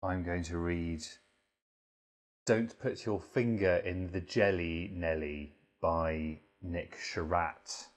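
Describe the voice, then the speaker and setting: A man hosting a mock reading and lecture, delivering it deadpan with sudden swearing asides. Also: sits low, slow pace. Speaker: host reading aloud.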